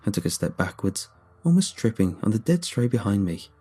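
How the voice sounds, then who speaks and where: Male horror narrator, low, dark and husky, steady delivery. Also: brisk. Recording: faint background music.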